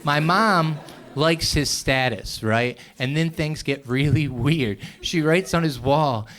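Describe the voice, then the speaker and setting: A young man doing a stand-up set on a club stage, telling stories in a quick, conversational way. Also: a little high, a bit bright. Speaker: stand-up comedian. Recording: live club recording with audience noise.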